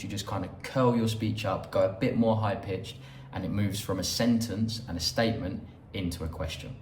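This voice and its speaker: Male course instructor, explanatory, lowish voice, recorded a bit off-mic in a roomy space. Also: a little mellow, recorded from a distance, slight background noise. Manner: explanatory, demonstrates intonation examples. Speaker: language teacher. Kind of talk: recorded online course lesson.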